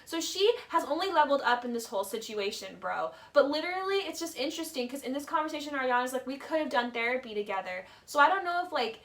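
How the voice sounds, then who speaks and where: Bright, high-voiced woman ranting about a show. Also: lively intonation, fast, hardly any pauses, recorded from a distance. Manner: chatty, opinionated, heavy on "like" and "literally"; acts out quoted lines in mock voices. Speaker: reality TV commentator. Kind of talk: casual video essay commentary.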